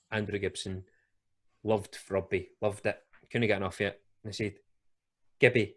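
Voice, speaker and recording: A man with a Glaswegian Scottish accent hosting a podcast. He tells a story in a chatty, colloquial way and laughs often. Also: lowish voice. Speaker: podcast host. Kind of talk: casual podcast chat, storytelling.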